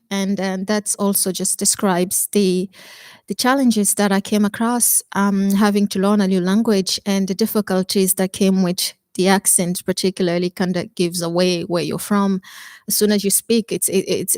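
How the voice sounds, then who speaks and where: A woman from Congo who is a poet, giving hesitant introductions and then reading her verse slowly and deliberately. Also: medium pitch, a little mellow, no echo. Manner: hesitant, halting introductions full of "um". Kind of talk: poetry reading with spoken introductions.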